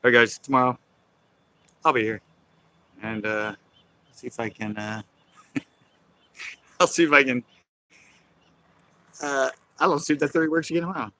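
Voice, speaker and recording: A man's voice: medium pitch, fairly even intonation, moderate pace, pauses often, pushed and bright, poor audio. A man hosting a casual fishing live stream outdoors on a pier, rambling and chuckling as he talks. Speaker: fishing livestream host.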